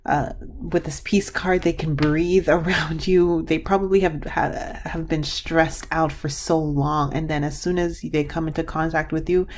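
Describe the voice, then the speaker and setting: A woman's voice: deep voice, steady tone, unhurried, few pauses. A woman giving a pick-a-card reading to her viewers, rambling and gushing, with many restarts. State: tearful. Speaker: tarot card reader.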